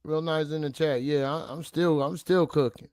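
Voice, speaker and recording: A man hosting a casual livestream chat, hyped and slangy, shouting out people in the chat. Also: fairly high pitch, steady tone, moderate pace, no room sound, clean studio sound. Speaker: livestream host and DJ.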